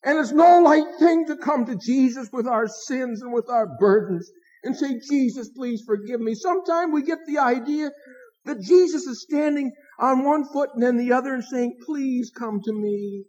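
Pastor, male, high-pitched, earnest preaching with dramatic pauses, dull lo-fi recording. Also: a little mellow. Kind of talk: evening sermon.

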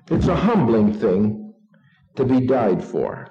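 A middle-aged man preaching an evening sermon, earnest and unhurried, leading his listeners to repeat a short text with him. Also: medium pitch, very animated, mellow. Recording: dull lo-fi recording.

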